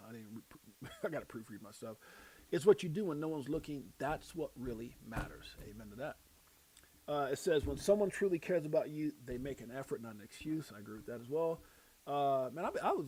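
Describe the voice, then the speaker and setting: A man with a Brooklyn accent hosts a casual livestream in a husky, slightly high voice. His pitch swings widely as he preaches motivational sayings and reads quotes aloud. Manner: animated, bursts into loud shouts and laughs. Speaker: crypto livestream host.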